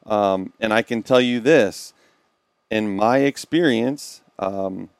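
A podcast co-host with a lowish voice takes his time, chatting casually and earnestly while acting out the dialogue of the people in his stories. His tone is clean, with no echo.

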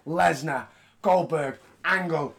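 Joking, swearing podcast host. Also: male voice, fairly high pitch, slow pace, vocal fry, a bit bright. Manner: joking, profane and mocking. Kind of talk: casual podcast chat.

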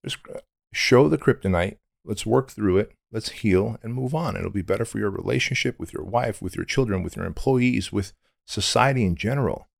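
Gravelly low-voiced man, blunt and intense. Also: moderate pace, no room sound, clean studio sound. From Armenia. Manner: intense and blunt, casual swearing. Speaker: guest. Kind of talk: candid storytelling interview.

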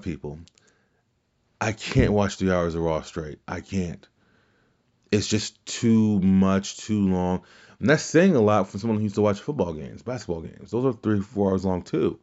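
A man's voice: on the low side, animated, normal speed, a little mellow, lo-fi sound. A man hosting a casual wrestling podcast, rambling through his opinions, swearing freely and restarting sentences. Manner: rambling, profane, with restarts and mimicked quotes. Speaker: podcast host.

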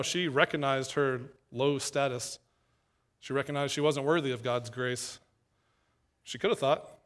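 A man's voice: a little high, a bit bright. A man from East Tennessee preaching a sermon in a conversational, earnest way, building to emphatic points. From East Tennessee, USA.

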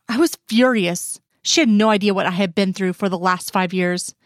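A woman's voice: mid-range voice, normal speed, no echo. Woman reading a story, dry close sound. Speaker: reader. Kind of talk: scripted narration of a story.

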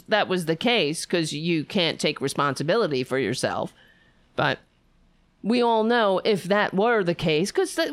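A woman's voice: a little high, a bit bright, no room sound. Angry woman ranting back at a clip, cussing a lot, voice jumping all over, dead dry room. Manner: furious, swearing, sarcastic asides. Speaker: political commentator reacting to a clip. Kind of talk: angry reaction commentary.

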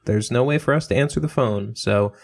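A man's voice: medium pitch, a little fast, gravelly, a little mellow. A man co-hosting a podcast in casual chat, joking and playful. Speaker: podcast co-host.

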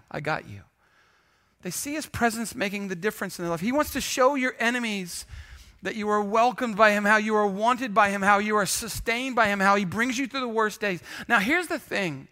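A man preaching in church as pastor, telling a jokey story with sudden loud bursts. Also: high voice. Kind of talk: sermon with storytelling.

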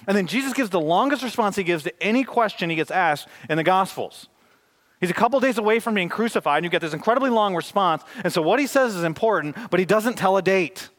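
Male pastor, slightly high voice, emphatic sermon delivery with wide swings in volume. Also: expressive, fast talker, a bit bright. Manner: emphatic, varies volume widely.

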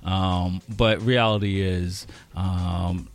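A man introducing the next act in a relaxed, joking way, full of ums and restarts. His voice sits a little low. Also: extremely slow. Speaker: host. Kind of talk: casual introduction.

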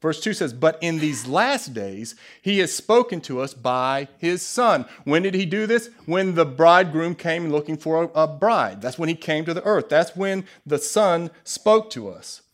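A man with a Southern US accent preaching a sermon to his church, lively, with asides and jokes to the congregation. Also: on the high side, a little slow, hardly any pauses. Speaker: pastor. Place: church sanctuary.

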